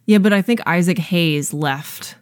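A woman's voice: lowish voice, unhurried, no room sound, studio quality. A woman co-hosting a podcast, chatting casually in a wry, offhand way. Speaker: podcast co-host. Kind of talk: casual chat.

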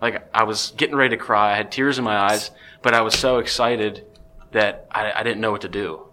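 A man, a podcast guest, telling a story in a casual, excitable way with many restarts. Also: lowish voice, brisk, a little hiss or hum.

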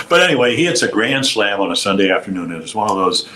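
An older man with a low voice spins long, meandering stories, stumbling through restarts and slipping into quoted voices. A faint hum of ambience sits behind him. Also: very animated, fast talker, bright, forceful tone, poor audio. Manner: rambling anecdotes with frequent restarts and quoted voices. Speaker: guest, former pitcher and broadcaster. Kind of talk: storytelling interview.

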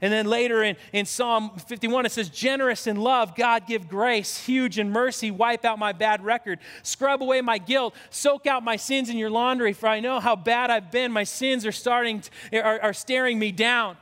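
A man's voice: very high-pitched, fairly even intonation, normal speed, hardly any pauses, a bit bright, clean tone. A man preaching a sermon as pastor, earnest and emphatic, often restarting his phrases. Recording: long reverb of a large hall.

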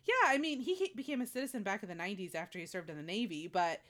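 A woman in her thirties co-hosts a casual podcast. She chats in a self-mocking way and laughs often. Her voice swings widely in pitch as she talks. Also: very animated, racing, fairly bright tone. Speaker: podcast co-host. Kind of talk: casual chat.

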